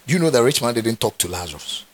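A man's voice: mid-range voice, sing-song, fast, slight background noise. A man with a Ghanaian accent, a pastor preaching a sermon with emphatic repetition. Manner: emphatic, repeats phrases for stress.

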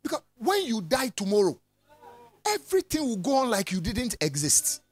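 A man preaching a lively sermon, swinging from loud calls to soft asides and laughing often. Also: extremely high pitch, moderate pace, dry recording.

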